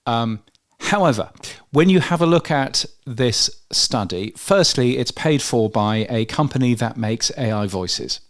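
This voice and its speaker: A man's voice: medium pitch, animated, a little slow, hardly any pauses. A man with a London accent co-hosting a podcast news show, talking through research with lots of ums and restarts. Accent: London English. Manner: hesitant, many fillers and restarts. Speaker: podcast co-host. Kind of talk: casual news chat.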